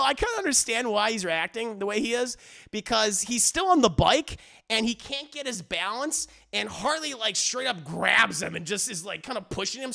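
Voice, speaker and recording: A man recapping a movie plot in a casual, profane and animated way. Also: very high-pitched, vocal fry. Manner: animated, profane, laughing as he tells it. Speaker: movie reviewer.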